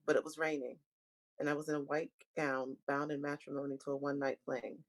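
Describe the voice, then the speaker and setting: A woman reading an emotional monologue. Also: deep voice. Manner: tearful, pleading. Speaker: player reading a character monologue.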